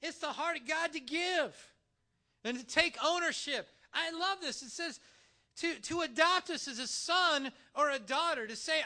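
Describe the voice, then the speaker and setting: A man delivering a sermon with a very high pitch and a bright, tense edge. He preaches in an animated, emphatic way and stretches key words with dramatic pauses. He speaks in a church. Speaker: pastor.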